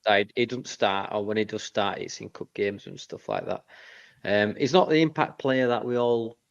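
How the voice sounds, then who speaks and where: A man's voice: fairly low pitch, normal speed, gravelly. Young guy ranting about footy, swears a lot, sounds a bit muffled. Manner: animated, swears freely. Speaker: podcast co-host. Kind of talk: casual football chat.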